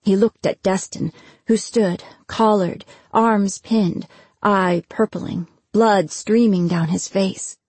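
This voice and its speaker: Slow, husky woman narrating a fantasy. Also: medium pitch, steady tone, darkish tone, no echo. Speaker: audiobook narrator.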